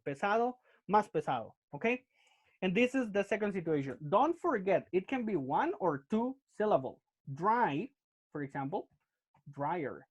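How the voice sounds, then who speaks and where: A man's voice: high voice, darkish tone. A man teaching English grammar in an online class, explaining step by step and checking in with "okay?" after each point. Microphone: computer mic on a video call. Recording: muffled lo-fi video call audio.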